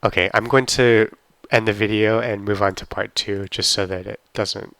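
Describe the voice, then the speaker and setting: This man's fairly low voice is gravelly, a bit bright, and fairly even in intonation, recorded with no echo. As a German teacher in a casual screen-recorded lesson, he takes words one at a time and pronounces them slowly and carefully.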